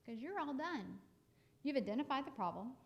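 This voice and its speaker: A woman's voice: high-pitched, animated, normal speed, highs cut off. A woman, counseling parents in a casual live talk, chatty with many fillers and restarts. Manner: acts out parents and kids in quoted lines.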